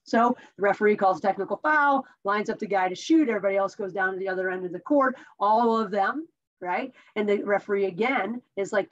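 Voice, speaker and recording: A woman's voice: medium pitch, fairly quick. A woman giving a conversational coaching tip as a mindset coach, telling stories and asking rhetorical questions. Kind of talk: talking-head coaching tip. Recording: dull lo-fi recording.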